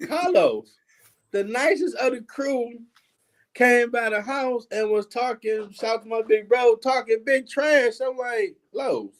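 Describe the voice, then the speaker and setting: This man has a very high voice and speaks slowly, hosting a casual chat where he tells stories from his childhood. He's animated and laughing, and he acts out the voices of the people in his stories.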